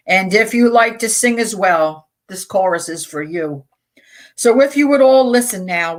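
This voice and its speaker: A middle-aged community radio host with a mid-range voice takes her time reading poems aloud. She fills the gaps between them with relaxed, conversational asides.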